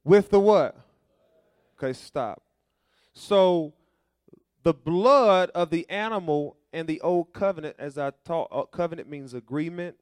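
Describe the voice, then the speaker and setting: A man's voice: fairly high pitch, unhurried, clean tone, no room sound. A man pastor preaching a sermon, with call-and-response questions to the congregation and folksy, conversational storytelling.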